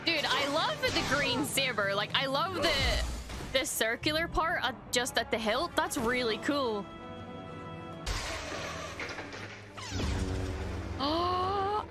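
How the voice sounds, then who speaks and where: A young woman streamer reacting casually to an episode, excitable, gasping and swearing, with its soundtrack playing behind her. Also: sits high, measured pace, over music.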